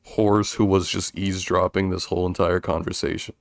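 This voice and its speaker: A man's voice: low voice, flat delivery, brisk, vocal fry, no echo, clean studio sound. A male streamer chatting casually during a game, rambling with restarts and frequent chuckles. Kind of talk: casual let's-play chat.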